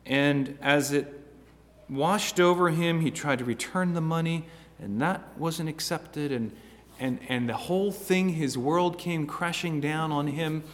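A man preaching a sermon, earnest, with stammering restarts and swings between loud and hushed passages. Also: a little high, unhurried, long reverb tail.

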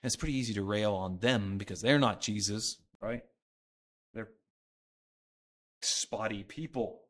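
A man's voice: on the low side, unhurried, a bit bright. A man preaching a sermon, talking earnestly and conversationally and often restarting his sentences. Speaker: pastor.

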